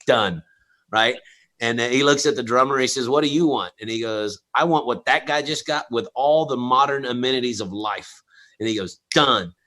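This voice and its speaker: A man's voice: medium pitch, normal speed, bright, forceful tone. A man co-hosting a livestream concert show, chatting casually and telling a joke with many restarts. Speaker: co-host.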